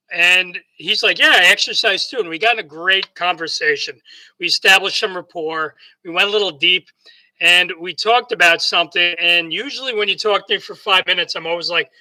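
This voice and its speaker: In a roughly recorded casual monologue, a man with a high-pitched, pushed, bright voice delivers a motivational story. He's a New Yorker with a New York accent who keeps restarting, repeats words, rambles, and plays out both sides of remembered conversations.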